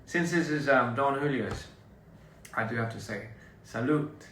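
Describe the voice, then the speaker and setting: Young man, casual livestream chat, halting with fillers, echoey room, mic set back, faint hiss. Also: medium pitch. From Australia. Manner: relaxed, halting, many fillers and restarts. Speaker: livestream host. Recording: roomy echo, distant mic, faint noise.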